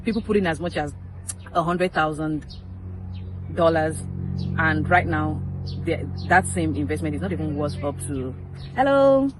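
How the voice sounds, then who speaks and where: A woman's voice: sits low, expressive, unhurried, pauses often, background noise. Woman, casual vlog, chatty, emphatic, repeats points, playful asides, public place. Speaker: crypto vlogger.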